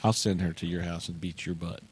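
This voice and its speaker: A man's voice: sits low, fairly even intonation, brisk, over a noisy crowd. A man hosting a casual comedic talk show, teasing his guests and laughing often. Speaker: show host.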